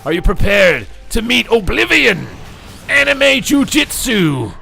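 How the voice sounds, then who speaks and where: A grandiose anime villain, put on by a man, declaims his taunts in a raised, forceful voice. He sounds theatrical and sure of his own might, with a bright, strained edge to every line. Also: high voice, sing-song, slow, creaky, soft background music, voice pushed up, exaggerated voice.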